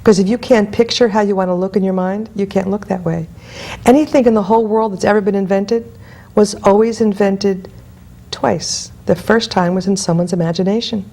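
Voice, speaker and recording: A woman's voice: mid-range voice, fairly even intonation, normal speed, dark tone. A woman guest hypnotist in an interview, telling client stories bluntly and emphatically. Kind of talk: interview storytelling.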